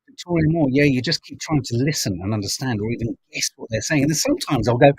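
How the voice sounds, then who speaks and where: A man's voice: a little high, sing-song, rapid-fire, breathy edge, dry recording, rough recording. A man hosting a podcast, chatting wryly about news stories and reading out viewer comments. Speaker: podcast host reading the papers. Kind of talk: casual chat.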